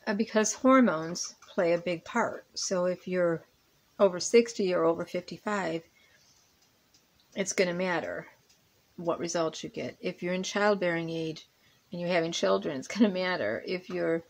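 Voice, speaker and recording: Here a woman in her fifties, a cooking and lifestyle vlogger, chats loosely as she cooks at home, pausing to stir and taste. She has a lowish voice, a steady tone and a measured pace.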